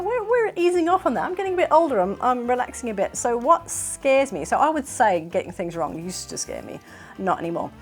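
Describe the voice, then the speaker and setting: Middle-aged australian woman, casual vlog chat, laughs often, faint music underneath. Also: medium pitch. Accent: Australian with some British influence. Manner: chatty, self-deprecating, laughs often. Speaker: sewing vlogger.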